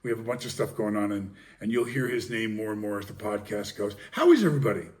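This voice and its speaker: A man's voice: lowish voice, animated, fast talker, a little mellow, recorded from a distance. A man talking casually as a podcast host, rambling with many ums and restarts. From Long Island, New York.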